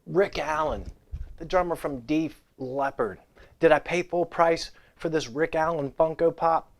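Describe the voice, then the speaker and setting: A man hosts a casual guitar gear vlog from his home set. His voice sits a bit high, and he rambles through off-the-cuff, irreverent banter and wisecracks aimed straight at the camera. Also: a little slow. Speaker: guitar gear channel host.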